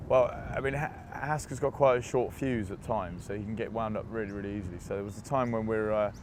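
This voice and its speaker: Man, young adult, low voice, casual storytelling, faint outdoor traffic noise. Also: fast. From England. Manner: chatty, laughing, animated anecdotes. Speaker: interview guest, rugby player.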